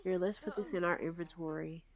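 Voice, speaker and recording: A woman's voice: fairly low pitch, steady tone, fairly quick. A woman chatting casually to viewers as she narrates her life-sim gameplay. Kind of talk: casual let's-play commentary.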